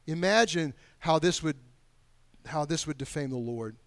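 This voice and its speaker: Man, pastor, sermon, pleading, hushed to loud, higher voice, dry close sound. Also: moderate pace, vocal fry, no room sound.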